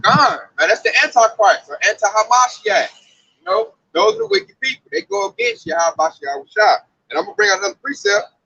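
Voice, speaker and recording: Brief: excitable male preacher, very high lively voice, bright edge, dull lo-fi recording. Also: fairly quick, vocal fry, slightly rough. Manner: excitable, exclaims and riffs loosely. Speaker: street preacher. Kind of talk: informal preaching chat.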